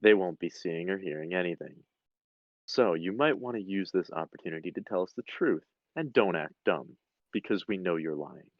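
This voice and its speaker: A man playing a cold male interrogator who threatens a captive slowly and formally. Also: low voice, expressive, no room sound, lo-fi sound. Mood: menacing. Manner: slow, threatening, mock-formal.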